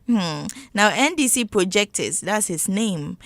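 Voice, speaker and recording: A woman's voice: medium pitch, lively intonation, a little slow, fairly bright tone, no room sound. A woman co-hosting a morning radio show, reading listener comments with playful asides. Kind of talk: casual morning radio chat.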